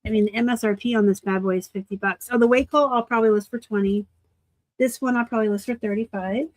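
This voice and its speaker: A woman from Arizona hosting a casual live unboxing of thrift finds, chatty and quick to laugh at herself. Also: on the high side, steady tone, no echo. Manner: chatty, laughs easily, self-deprecating asides. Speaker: reseller host.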